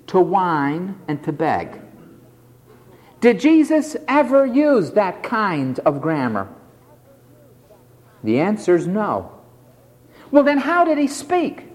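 A man preaching a sermon with slow, deliberate phrasing and a pitch that rises and falls widely. His delivery is emphatic and dramatic. His voice rings out with a long hall reverb. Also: darkish tone. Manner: emphatic, dramatic, mimics pleading tones.

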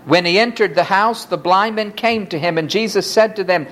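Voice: medium pitch, moderate pace, hardly any pauses, a bit bright. A preacher giving a sermon, reading scripture passages aloud and lifting the voice for quoted cries.

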